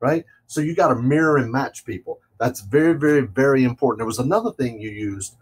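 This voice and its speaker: A man's voice: medium pitch, a little fast, slightly rough. A man hosting a real estate talk show, chatting casually and laughing easily as he explains selling tips. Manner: relaxed, laughs easily, acts out phone calls. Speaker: podcast host. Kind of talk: casual business chat.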